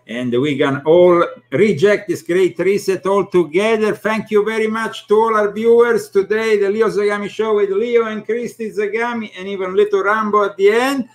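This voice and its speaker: A man with an Italian accent hosting a talk show, speaking haltingly with frequent pauses mid-sentence. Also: high-pitched. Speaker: host. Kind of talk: casual talk-show chat.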